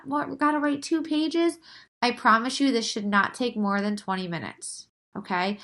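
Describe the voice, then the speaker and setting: Slow-talking bright-voiced woman teacher. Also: mid-range voice. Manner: patient, drawn-out words, frequent "okay?" checks. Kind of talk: recorded online lesson.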